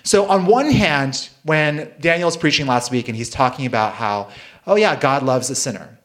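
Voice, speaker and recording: A man's voice: mid-range voice, animated, moderate pace, a bit bright. A man preaching a conversational sermon, casual and self-deprecating, often checking in with "right?" and laughing at himself. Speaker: pastor.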